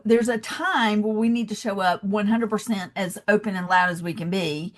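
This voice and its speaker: A woman with a Southern US accent, a podcast guest who talks in a lively way and acts out little scenes in voices. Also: mid-range voice. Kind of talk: conversational interview.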